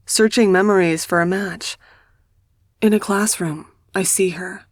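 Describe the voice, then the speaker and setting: A woman reading a first-person audiobook in a measured, intimate storytelling manner on a close studio mic. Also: lowish voice, no room sound. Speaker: audiobook narrator.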